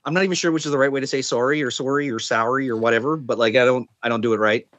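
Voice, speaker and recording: A man's voice: medium pitch, rapid-fire, a bit bright, dry recording. A man with a light Newfoundland accent, talking in casual podcast chat, rambling with lots of fillers and restarts. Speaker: podcast co-host.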